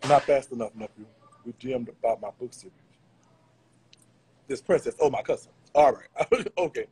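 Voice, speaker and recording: A man's voice: medium pitch, normal speed, dark tone, husky, low-quality recording. A man chatting casually with viewers on a live stream, slangy and laughing often. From Louisiana.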